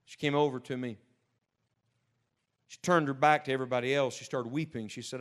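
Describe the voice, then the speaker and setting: A man preaching a sermon, telling a story earnestly, dropping to a hush and then rising to emphatic peaks. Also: mid-range voice, steady tone, a little fast, long pauses. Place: church service with a live audience.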